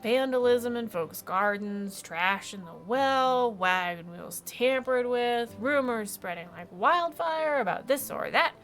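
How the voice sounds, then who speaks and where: A woman voicing a sad, weary unicorn spirit, speaking slowly and mournfully, with game music behind. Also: on the high side, animated, a bit bright, full character voice. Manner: slow, drawn-out mournful delivery.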